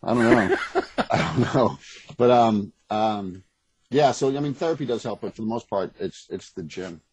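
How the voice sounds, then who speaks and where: A husky, raspy man talks quickly and candidly as an interview guest. His voice sits low, and he rambles with restarts. The sound is dry and close. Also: a little mellow, no echo, rough recording. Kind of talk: casual interview conversation. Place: West Coast.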